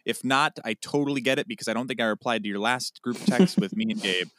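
Young dude cohosting a podcast, tense bright voice, teasing and goofy. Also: male voice, medium pitch, fast talker, dry recording, studio quality. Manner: playful, teasing, stumbling restarts. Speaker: podcast co-host. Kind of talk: casual chat.

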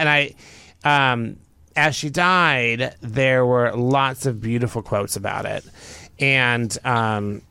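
Gravelly, playful male podcast host. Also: mid-range voice, fairly bright tone, no room sound. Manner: playful, self-congratulatory storyteller. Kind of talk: casual chat.

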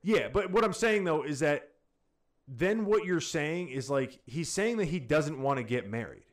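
A man co-hosting a casual podcast, rambling through deadpan jokes. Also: fairly high pitch, moderate pace. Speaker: podcast co-host.

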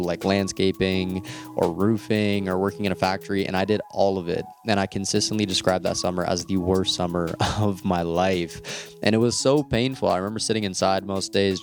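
A man telling a candid personal story who swears freely and laughs mid-sentence. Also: sits low.

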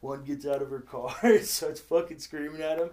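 A man's voice: a little high, steady tone, moderate pace, darkish tone, slight background noise. Crude young man telling stories. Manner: crude, swears freely, acts out quotes. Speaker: podcast co-host. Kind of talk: casual storytelling.

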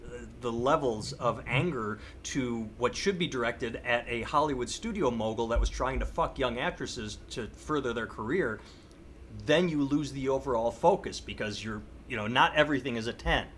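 A man's voice: medium pitch, normal speed, a bit bright, slight background noise. A man hosting a casual podcast chat, talking animatedly and acting out outraged voices. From United States. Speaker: podcast host.

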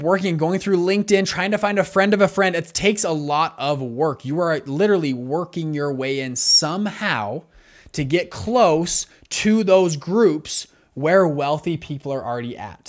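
A man's voice: fairly high pitch, normal speed. A young man running an investment fund, giving an upbeat, conversational lesson on raising money and acting out the dialogue he quotes. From Salt Lake City, Utah. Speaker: investor and fund manager teaching fundraising. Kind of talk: energetic instructional talk to camera.

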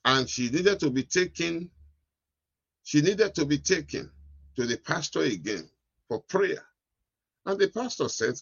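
A man's voice: on the high side, expressive, a little slow, pauses often, breathy edge, no room sound, dull audio. A man pastor delivering a sermon, repeating his lines for emphasis. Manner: repetitive, emphatic preaching.

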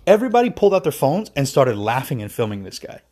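A man's voice: mid-range voice, big pitch swings, fast talker, darkish tone. A man on a podcast giving a heated, profane monologue, ranting with passion. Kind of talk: impassioned monologue.

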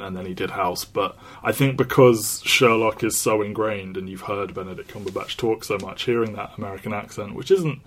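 A man co-hosting a film podcast, chatting casually and often restarting his sentences. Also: lowish voice. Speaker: podcast co-host. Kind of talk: casual film review chat.

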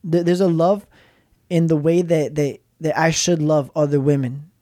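A man's voice: on the high side, little pitch movement, moderate pace, warm tone. A man in casual faith talk, rambling and repeating words as he tells stories.

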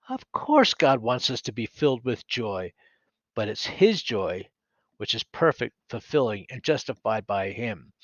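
A man teaching scripture on a podcast, earnest and animated, reading verses aloud and sometimes restarting his sentences with a self-deprecating humor. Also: medium pitch, no room sound. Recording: dry, slightly dull recording.

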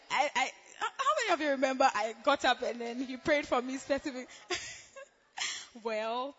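A woman's voice: on the high side, a bit bright. A young woman, giving a chatty, giggly church testimony full of fillers, in a large church hall. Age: young adult. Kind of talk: emotional spoken testimony. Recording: reverberant hall, dull sound.

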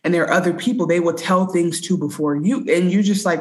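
Woman, lowish voice, animated casual chat, personal stories. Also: fairly quick. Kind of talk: casual chat about a TV episode.

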